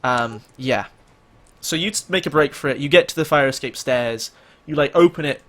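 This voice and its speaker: A man's voice: mid-range voice, moderate pace, fairly bright tone. A man narrating as game master, rambling with many fillers.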